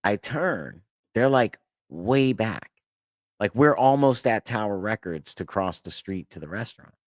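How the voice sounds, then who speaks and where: A man's voice: lowish voice, unhurried, no echo, clean studio sound. A man hosting a podcast, telling a long story in casual chat, restarting sentences and cursing as he goes. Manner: animated, restarts, swears, laughs mid-story. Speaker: podcast host.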